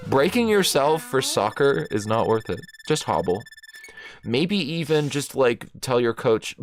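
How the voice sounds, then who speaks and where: A young man casually commenting while streaming a game, jokey and excitable, breaking into shrieks and laughs. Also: mid-range voice, takes it slowly, soft background music. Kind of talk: casual gaming livestream commentary.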